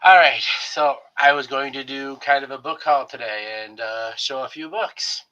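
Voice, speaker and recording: A man's voice: medium pitch, fairly even intonation, normal speed, pushed and bright. A man hosting his own live stream, chatting casually and greeting viewers by name with friendly jokes. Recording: slightly dull lo-fi stream audio.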